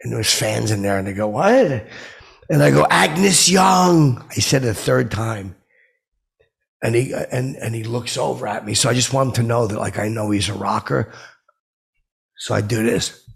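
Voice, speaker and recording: A man's voice: fairly low pitch, fairly even intonation, normal speed, vocal fry, slightly rough. A man telling a comic story in a stammering, rambling way, like a podcast host. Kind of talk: comedic rambling monologue.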